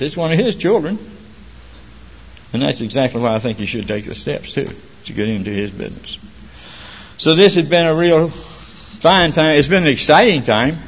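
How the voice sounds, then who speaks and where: Older man, folksy joking storyteller at a recovery meeting, heard in a dull, echoey hall recording. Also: medium pitch.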